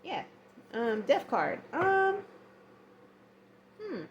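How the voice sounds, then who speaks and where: A woman's voice: high voice, very animated, drawn-out words, highs cut off, slight background noise. A woman giving a casual tarot reading, chatty and slangy, acting out little scenes as she goes. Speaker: tarot reader.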